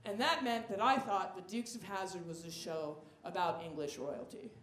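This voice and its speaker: A woman doing a stand-up set on a club stage, cursing freely and swinging between loud rants and hushed asides. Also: fairly low pitch, normal speed, background noise. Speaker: stand-up comedian. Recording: echoey club room.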